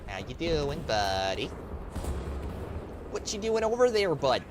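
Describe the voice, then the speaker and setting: A man's voice: a little high, big pitch swings, slow pace, pitched above the performer's own voice. A man putting on a mock-friendly Canadian voice to taunt an opponent, sing-song and overly chummy. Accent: put-on Canadian. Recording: noisy background.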